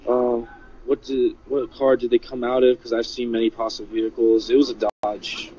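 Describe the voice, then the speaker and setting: A man telling what he witnessed in a casual livestream, halting and full of "like" and "you know". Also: mid-range voice, little pitch movement, dark tone, highs cut off, slight background noise. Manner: halting, filler-heavy, many "like" and "you know". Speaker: eyewitness recounting an event. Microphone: phone.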